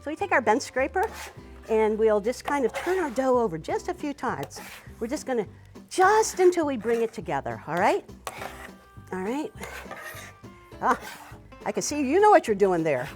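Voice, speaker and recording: Lively, high-voiced woman teaching cooking. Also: normal speed, pauses often, soft background music. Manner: chatty, warm encouragement of a student, frequent "wee" and "you know". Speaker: cooking teacher and show host. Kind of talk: cooking demonstration.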